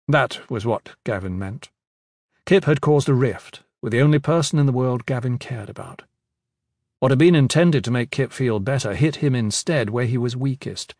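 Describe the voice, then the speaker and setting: A man reading a story aloud in measured, even narration. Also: medium pitch, creaky, no echo, clean studio sound. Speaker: audiobook narrator. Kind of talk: scripted narration.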